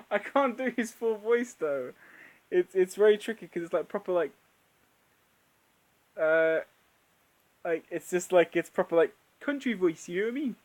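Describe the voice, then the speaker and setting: A man's voice: high-pitched, animated, measured pace, long pauses. A man with a sore throat from being unwell, hosting a casual live Q&A chat, laughing often and trailing off mid-sentence. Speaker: channel host.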